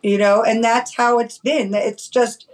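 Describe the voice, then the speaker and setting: A woman from New York City, a guest in a casual interview, talking fast and emphatically about her work. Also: fairly high pitch, steady tone, low-quality recording. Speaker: guest, cannabis medicine grower.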